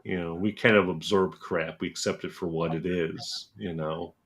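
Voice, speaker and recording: A middle-aged man speaks in a gruff, dismissive way. His voice sits deep and low. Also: fairly even intonation, normal speed, fairly bright tone. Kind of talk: casual chat.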